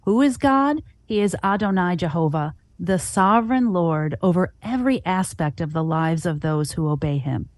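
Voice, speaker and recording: A woman's voice: on the low side, animated, normal speed, hardly any pauses, darkish tone, dry recording. Earnest woman explaining scripture. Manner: earnest, explanatory, poses questions. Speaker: Bible teacher. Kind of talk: Christian teaching podcast.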